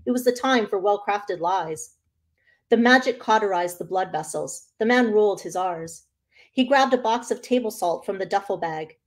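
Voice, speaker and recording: An author, a woman, reading her own novel aloud in an expressive first-person narration. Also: mid-range voice, normal speed.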